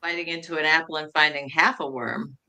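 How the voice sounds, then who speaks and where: A woman's voice: sits low, steady tone, brisk, bright, forceful tone. A middle-aged woman co-hosting a humor show, telling jokes in a rambling, self-amused way with many restarts. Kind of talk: casual joke-telling chat.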